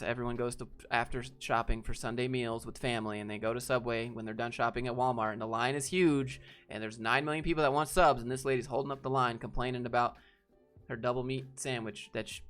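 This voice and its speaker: Young male streamer, casual storyteller, rambling and animated, faint music underneath. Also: medium pitch. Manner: rambling, filler-heavy, animated anecdotes. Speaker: channel host.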